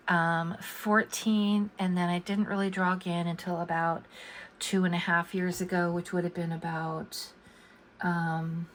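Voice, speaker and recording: A woman's voice: on the low side, a little hiss or hum. An older woman talking casually while she draws at home, rambling and hesitant with many fillers. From USA. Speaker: coloring book artist. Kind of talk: casual talk while drawing. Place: home, at a drawing desk.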